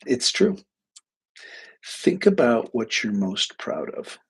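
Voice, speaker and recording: A man's voice: medium pitch, sing-song, slow pace, vocal fry, breathy edge, low-quality recording. A middle-aged man, a psychologist hosting a live stream, telling a story in a rambling, casual way full of restarts and quoted dialogue. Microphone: webcam or desk mic on a live stream.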